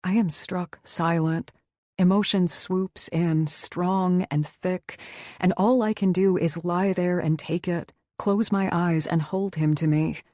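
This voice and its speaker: A woman's voice: lowish voice, fairly even intonation, slow pace, mellow, no room sound, clean studio sound. A woman reading a first-person romance audiobook in an intimate, tender way. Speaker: audiobook narrator.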